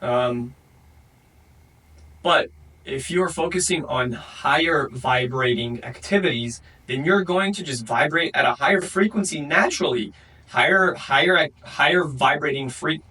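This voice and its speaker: A man's voice: fairly high pitch, sharp tone, slightly rough, far from the mic, poor audio. A young man hosting a podcast and giving a blunt solo motivational talk, swearing constantly and calling the listener bro. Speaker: podcast host.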